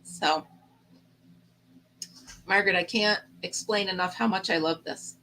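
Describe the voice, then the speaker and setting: A woman's voice: medium pitch, measured pace, bright, forceful tone, a little hiss or hum, low-quality recording. A middle-aged woman hosting a casual live chat stream, telling stories in a chatty way and laughing often.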